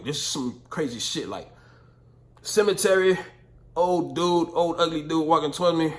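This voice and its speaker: A young man vlogging, telling a story in casual slang, full of profanity and "you know what I'm saying". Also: on the high side.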